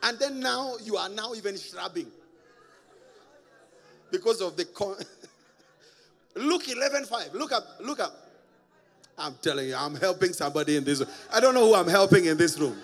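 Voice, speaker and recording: Pastor guy preaching, high voice that jumps all over, keeps laughing at his own stories. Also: very animated, unhurried, long pauses, fairly bright tone, big-room sound, faint music behind, a faint crowd. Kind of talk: sermon.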